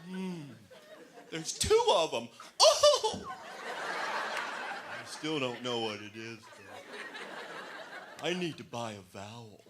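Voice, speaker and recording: A man putting on a giddy, slow-witted male game show contestant, loud, shrill and drawn-out. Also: wildly swooping pitch, a loud crowd, very noisy. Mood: excited.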